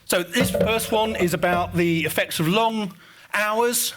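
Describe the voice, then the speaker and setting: Male conference speaker, Estuary English accent, higher voice, informal and audience-facing. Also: a little slow, a bit bright, slight background noise. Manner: informal, addresses audience directly. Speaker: conference speaker presenting research. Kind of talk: conference presentation.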